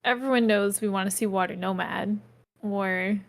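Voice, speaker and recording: A woman co-casting an esports match in a relaxed, easygoing way with many filler sounds. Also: mid-range voice, moderate pace. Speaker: co-caster. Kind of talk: esports commentary chat.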